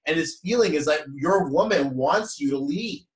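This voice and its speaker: A man leading a men's numerology group, talking in a rambling, energetic, preachy motivational way. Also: on the high side, normal speed. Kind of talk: motivational group coaching talk. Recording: echoey room.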